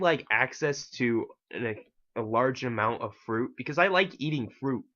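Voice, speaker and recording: A man's voice: medium pitch, lively intonation, normal speed, pushed and bright, dull audio. A man giving casual gameplay commentary as host, rambling and self-mocking with casual swearing. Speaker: gaming channel host.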